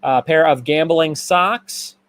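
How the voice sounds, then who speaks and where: A man's voice: a little high, takes it slowly, fairly bright tone, no echo. Upbeat man hosting a trivia stream. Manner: reads answers and questions in repeated lists. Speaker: trivia host.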